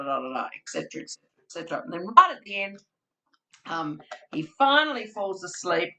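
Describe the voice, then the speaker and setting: A woman presents a webinar for family day care educators, demonstrating storytelling with props and acting out story voices and sounds. Her voice sits low, pushed and bright, and the low-quality recording carries a little hiss or hum.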